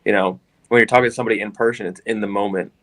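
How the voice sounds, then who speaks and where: Earnest lower-voiced young man. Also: steady tone, very fast, a bit bright. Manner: earnest, rambling, many fillers. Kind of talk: casual chat.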